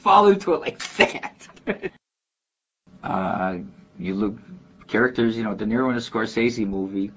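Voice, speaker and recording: A man's voice: lowish voice, animated, normal speed, fairly bright tone, dull audio. A man with a Chicago accent who reads a short story aloud and then chats loosely about how people talk, with restarts along the way. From Chicago, near West Side. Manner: rambling, with restarts and asides. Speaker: dialect archive speaker. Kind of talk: reading a passage, then casual talk.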